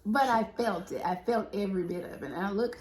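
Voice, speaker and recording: A woman's voice: mid-range voice, a little fast, a little mellow. A young woman casually telling the story of her baby's birth, laughing often as she talks. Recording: echoey room.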